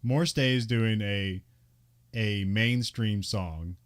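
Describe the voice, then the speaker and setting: A man's voice: lowish voice, takes it slowly, clear, resonant tone. A man co-hosting a podcast, recapping a movie in loose casual chat and laughing often. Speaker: podcast co-host. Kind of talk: casual film discussion.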